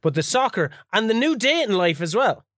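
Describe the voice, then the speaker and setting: A man co-hosting a podcast in casual chat, animated and laughing, swearing freely. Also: high voice, a little fast, no room sound, studio quality. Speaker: podcast co-host.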